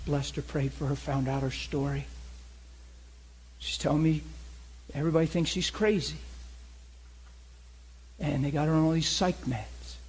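A middle-aged man preaching, telling a story with animated acted-out dialogue. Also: on the high side, a little hiss or hum, rough recording. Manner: animated, acts out both sides of dialogue. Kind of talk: sermon storytelling.

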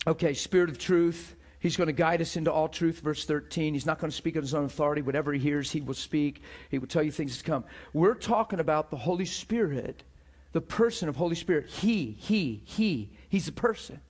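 Fairly quick and with few pauses, a man with a fairly high voice preaches a sermon as a pastor. He tells an animated personal story, often laughing and saying words more than once.

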